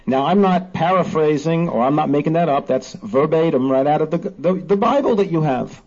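An animated, emphatic man with a fairly high voice hosts a casual Bible discussion, slowing down to quote scripture. The recording is dull and lo-fi.

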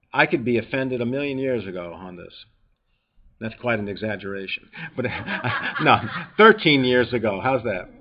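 A man with a New York accent preaching, moving between reading verses aloud and talking them through with emphatic, everyday asides. His voice sits at a medium pitch. The recording is a little dull and lo-fi. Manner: emphatic, reads scripture aloud then explains it conversationally. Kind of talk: sermon.

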